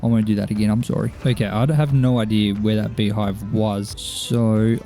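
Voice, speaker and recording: Excitable young gamer, mellow voice. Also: male voice, lowish voice, normal speed. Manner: animated, talks to the viewers, gasps and pleads with mobs. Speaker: gaming YouTuber. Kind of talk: excited Minecraft let's-play commentary. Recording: gaming commentary over faint background music.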